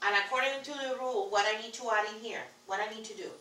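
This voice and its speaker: Writing on the board while she talks, a woman with a Spanish accent teaches a Spanish class in English and patiently repeats key words. Her voice is on the high side, fast, pushed and bright, with a little hiss or hum, recorded from afar in an echoey classroom.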